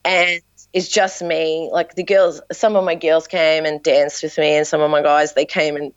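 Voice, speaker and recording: A woman with an Australian accent, a dance teacher and performer, telling animated stories in casual podcast chat. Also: deep voice, moderate pace, clean tone, no echo, dull audio. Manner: animated storyteller, acts out quotes.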